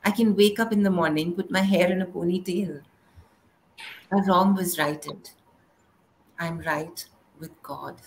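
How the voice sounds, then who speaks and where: A middle-aged woman performing a spoken word poem in a slow, measured recitation. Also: on the low side, gravelly, slight background noise, poor audio. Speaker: poet.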